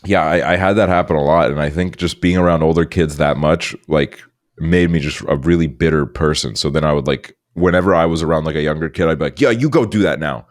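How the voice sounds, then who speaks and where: Low voiced young dude rambling on a podcast, cussing a lot. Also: male voice, steady tone, a little fast. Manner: rambling, swears often, mimics voices in stories. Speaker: podcast co-host. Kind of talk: casual chat.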